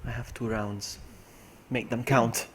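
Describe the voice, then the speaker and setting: A man's voice: medium pitch, level tone, slow, slight background noise. A man streaming a video game live, muttering to himself and reacting to what happens on screen, with game music playing behind him. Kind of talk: casual live gameplay commentary.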